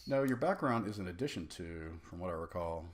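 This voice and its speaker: A man running a tabletop game as game master, explaining rules in a relaxed way with many fillers. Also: low voice, a little fast, slight background noise.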